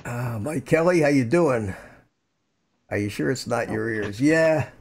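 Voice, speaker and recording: A man's voice: mid-range voice, expressive, a little slow, vocal fry, slight background noise. An older man hosting a casual live stream from home, rambling and repeating words as he talks into a desk microphone. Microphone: desk microphone through a USB mixer.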